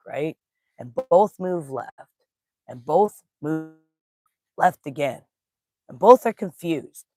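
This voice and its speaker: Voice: medium pitch, a little mellow, dry recording. A spiritual teacher giving a casual live-streamed talk, telling stories with folksy slang and greeting viewers in the chat. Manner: laughs easily, folksy slang.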